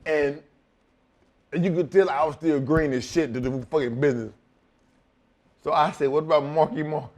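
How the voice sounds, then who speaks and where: A middle-aged man and former wrestler telling a profane, animated story in a shoot interview, laughing as he goes. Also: a little high, moderate pace, pauses often.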